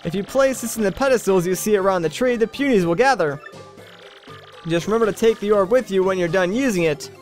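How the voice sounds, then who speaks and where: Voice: mid-range voice, fairly quick, soft background music, lightly acted. A man doing a cranky old creature elder. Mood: folksy. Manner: scolding, impatient, folksy. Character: grumpy bossy old female tree-creature elder. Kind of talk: Let's Play dialogue reading.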